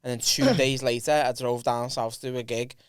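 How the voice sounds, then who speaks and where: A man, co-hosting a comedy podcast and telling stories in a quick, sweary way. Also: medium pitch, fairly even intonation, clean tone, no room sound, clean studio sound. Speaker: comedian co-host. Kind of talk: casual podcast storytelling.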